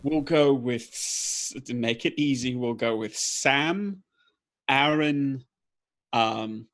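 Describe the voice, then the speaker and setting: Here a man serves as game master for a live-streamed tabletop game. His pitch sits in the middle of the range, and he narrates the scene in a halting way, filling gaps with ums and uhs as he works out details on the spot. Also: a bit bright. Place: home setup on a live stream.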